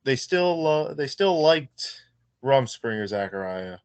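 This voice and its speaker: A man's voice: medium pitch, very animated, slow, no echo. A young man, a wrestler guest in an interview, talking in a laid-back, joking way. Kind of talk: casual interview chat.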